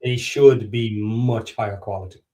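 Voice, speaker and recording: A man's voice: fairly low pitch, steady tone, moderate pace, mellow. Earnest man breaking down football plans. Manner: earnest, analytical, repeats words as he thinks. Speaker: podcast co-host. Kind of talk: casual football talk.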